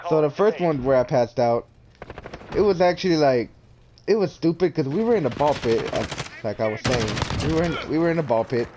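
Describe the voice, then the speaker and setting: A young man with a slightly high voice tells a casual story time, rambling and often restarting his sentences. The recording carries a steady layer of noise behind him. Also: fairly quick. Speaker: vlogger. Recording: noisy background.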